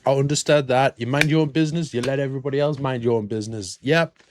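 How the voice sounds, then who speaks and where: A British man hosting a reaction video, chatting excitedly and poking fun at himself. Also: medium pitch, quick pace, noisy background. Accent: British English. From England. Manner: excitable, self-mocking, chatty. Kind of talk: casual reaction commentary.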